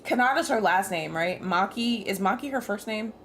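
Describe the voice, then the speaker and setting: A woman's voice: medium pitch, animated, normal speed, a bit bright, slight background noise. A woman streaming a game, chatting casually with frequent laughs and free swearing. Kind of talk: casual gameplay commentary.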